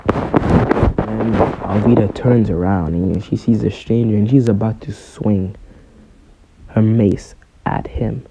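A man's voice: on the low side, steady tone, slow, warm tone, muffled recording, a little hiss or hum. A man casually narrating a fan-made story, hesitant and full of fillers.

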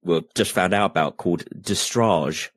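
A man's voice: low voice, moderate pace, no echo. A man co-hosting a casual podcast, joking and teasing his friends. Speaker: podcast co-host. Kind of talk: casual chat.

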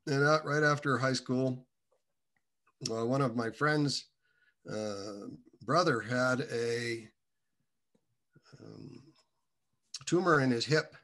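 A man sharing his personal faith testimony in a casual, halting way, with many restarts and side turns. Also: medium pitch, fairly bright tone.

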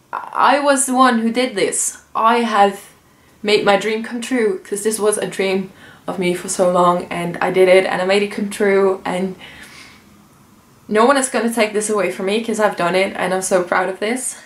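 A woman's voice: mid-range voice, steady tone, measured pace. A young woman telling a personal story in an emotional, earnest vlog, with many fillers and restarts. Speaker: vlogger. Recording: roomy echo.

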